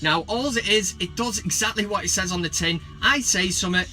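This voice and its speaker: With soft music in the background, a football vlogger rattles off a casual comic rant at a fairly quick pace. His voice is high, and he's sarcastic and sweary, with bursts of mock excitement.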